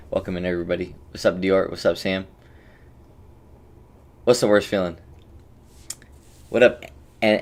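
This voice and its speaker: A young man with a lowish voice talks loosely to his live chat from a desk mic. He drifts from topic to topic, cracks jokes and calls out viewers by name as the stream gets going. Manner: rambling, joking, greets chat by name. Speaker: streamer and game coach. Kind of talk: casual livestream chat.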